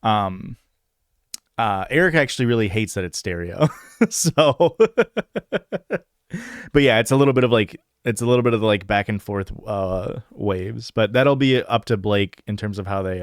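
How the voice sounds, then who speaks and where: A man's voice: on the low side, moderate pace, dry recording, clean studio sound. A man hosting a podcast in a casual livestream chat, rambling and hesitant, full of "like" and "um" fillers. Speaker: podcast host.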